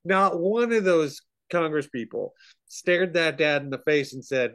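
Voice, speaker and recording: A man's voice: high-pitched, lively intonation, moderate pace. A man in casual podcast chat, ranting with lots of swearing and trailing fillers.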